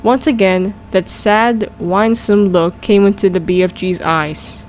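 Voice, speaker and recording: A woman narrates a children's storybook in a calm, steady reading voice. Her pitch sits in an even middle range, and a faint hum of background noise runs underneath. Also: measured pace, hardly any pauses, rough recording. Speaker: audiobook reader.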